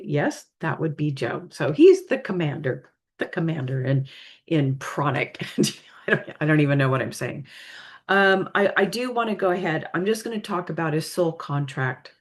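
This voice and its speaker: A woman giving a spiritual reading in a casual, hesitant way, apologizing often, her voice tired and straining. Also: on the low side. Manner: hesitant, apologetic, halting with many fillers. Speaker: spiritual reader.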